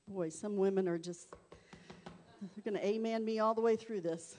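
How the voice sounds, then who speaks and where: A woman preaching a sermon, swinging from hushed, quiet stretches to loud, fervent shouting. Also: mid-range voice, fairly even intonation, moderate pace, a little hiss or hum.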